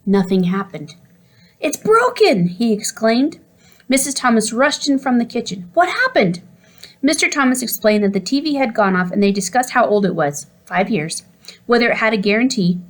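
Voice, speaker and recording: A woman reading a children's storybook aloud in an expressive way, putting on voices for the characters. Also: medium pitch, a little fast. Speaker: audiobook reader. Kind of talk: storybook narration.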